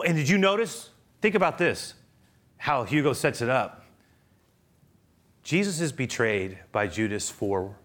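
A man preaching a sermon, retelling a story with passion; he swings from hushed talk to loud, high excitement. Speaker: pastor.

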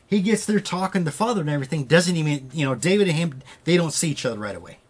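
A man's voice: a little high, animated, quick pace, slightly rough. A man hosting a podcast, casually retelling a story with loose quoted dialogue and frequent swearing. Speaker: podcast host.

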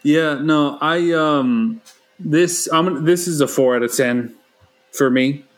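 A man co-hosting a casual movie review, speaking in a halting, hesitant way. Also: on the high side, poor audio. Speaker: podcast co-host.

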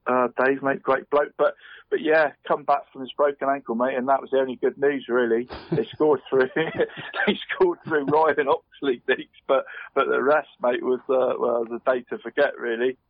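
A man chats his way through local football scores, restarting his sentences and tacking "mate" onto almost every phrase. His voice sits at an ordinary middle pitch. The sound is thin and tinny, like a phone line, and completely dry. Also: steady tone, no room sound. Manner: chatty, says "mate" constantly, halting restarts. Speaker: radio sports presenter. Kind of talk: casual football results round-up. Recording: phone-line quality radio audio.

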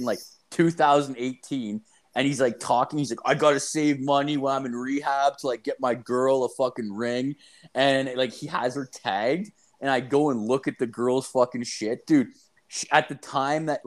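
A young man telling a rambling, profane story in casual chat, full of fillers and animated asides. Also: mid-range voice.

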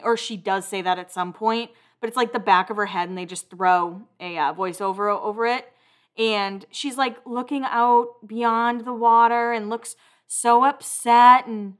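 A woman's voice: medium pitch, fairly bright tone. A woman hosting a casual recap of TV episodes, chatty and full of "like" fillers.

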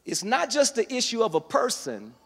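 A man preaching a sermon as pastor, teaching from scripture and building to fervent, loud delivery. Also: very high voice, huge pitch swings, normal speed, gravelly, slightly rough, long reverb tail.

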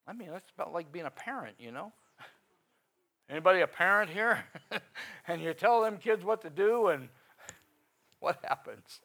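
Folksy male preacher with loud swells. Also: high-pitched, animated, moderate pace, creaky, long pauses, low-quality recording. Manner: folksy, conversational preaching with sudden loud rises. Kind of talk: sermon.

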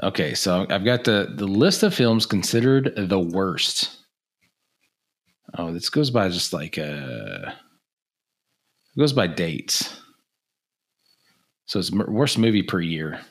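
Brief: podcast co-host, male, lower voice, casual and jokey, reads lists aloud. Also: sing-song, slow, pauses often. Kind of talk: casual chat.

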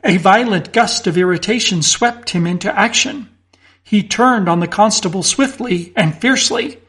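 High-voiced male storyteller. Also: normal speed, fairly bright tone. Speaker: audiobook narrator. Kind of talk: reading a classic story aloud.

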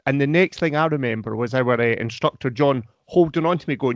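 A man's voice: fairly high pitch, fast talker, hardly any pauses, dry recording. Man, dry close sound. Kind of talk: casual chat.

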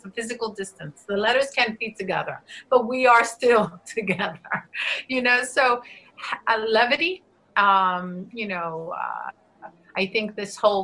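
A woman's voice: mid-range voice, pushed and bright, poor audio. A woman who works as a dual language teacher, speaking earnestly with restarts and Spanish phrases in an interview. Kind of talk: reflective interview answer.

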